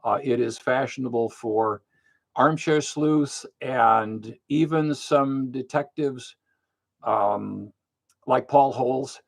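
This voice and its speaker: An older man hosting a monthly live question-and-answer stream, talking bluntly and matter-of-factly, with frequent fillers. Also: medium pitch. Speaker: livestream host. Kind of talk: casual live Q&A talk.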